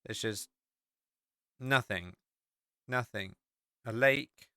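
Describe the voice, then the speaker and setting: Dragging out his words in a mid-range, bright and forceful voice, the Englishman hosting this podcast talks through an on-screen map, rambling casually with lots of fillers. The studio sound is clean and dry.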